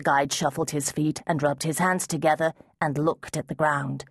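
A woman narrating an unabridged fantasy audiobook in a measured, steady way. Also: sits low, slightly rough, dry recording, studio quality. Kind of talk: scripted narration.

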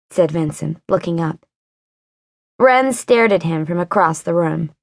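A woman narrating a thriller audiobook in a measured, unhurried way. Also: on the low side, animated, creaky, no echo, clean studio sound. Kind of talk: scripted narration.

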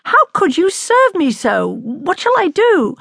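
A woman's voice: a little high, big pitch swings, moderate pace, husky, no echo, studio quality. A woman reading the part of an earnest young male astronomer, fervent and eager. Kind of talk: audiobook character reading.

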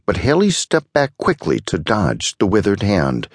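Deep husky guy reading an audiobook, slow and dramatic, dry sound. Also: sing-song, dry recording. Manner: measured, dramatic storytelling. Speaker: audiobook narrator. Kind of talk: scripted narration.

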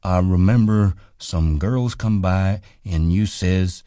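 A man voicing a big, slow, childlike man who talks timidly and pleads in simple words, in an audiobook. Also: sits low, mellow, clear, resonant tone, no room sound, clean studio sound, voice pushed up. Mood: pleading. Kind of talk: audiobook character voice.

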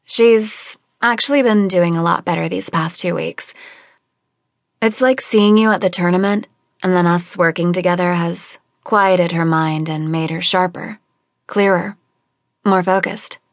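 A woman voicing a worried teenage girl who is protective of her mother, speaking in an earnest, quiet way. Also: fairly low pitch, unhurried, no echo, clean studio sound.

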